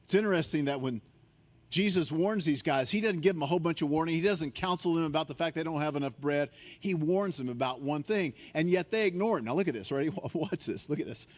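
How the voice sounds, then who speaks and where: A man guest-preaching a sermon in a large hall moves at a quick pace, animatedly acting out panicked voices in a raised pitch. He drops his voice low and quiet to land the key points.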